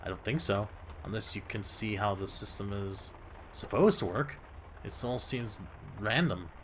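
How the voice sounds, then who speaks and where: A man's voice: on the low side, a little slow, fairly bright tone, a little hiss or hum. A man voicing a nervous, fussy librarian who stammers and speaks primly. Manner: stammering, prim and flustered.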